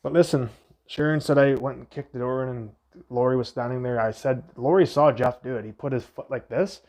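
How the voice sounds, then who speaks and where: A man's voice: medium pitch, brisk, a little mellow. A young man on a casual livestream, telling a rambling, profane story about being wrongly blamed, speaking into a phone at home. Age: young adult. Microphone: phone livestream mic.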